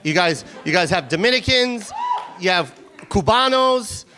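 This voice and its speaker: A middle-aged man from Los Angeles performing stand-up comedy. He talks in animated bursts, restarts often and laughs at his own lines. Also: high voice, measured pace, background noise. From Los Angeles, USA.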